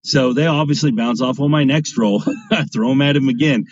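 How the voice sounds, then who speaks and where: A man's voice: mid-range voice, a little fast. A man casually telling rambling anecdotes on a live stream, often checking in with "right?". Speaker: craps streamer guest. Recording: lo-fi stream audio.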